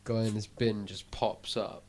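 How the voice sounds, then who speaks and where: A man guesting on a chat show, reacting quickly and retelling videos with excitement. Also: on the low side, crowd noise. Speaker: comedian guest. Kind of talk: casual chat.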